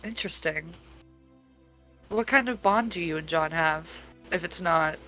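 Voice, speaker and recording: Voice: mid-range voice, unhurried, sharp tone, soft background music, low-quality recording. A player thinking aloud while playing a tabletop role-playing game. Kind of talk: casual tabletop role-play chat.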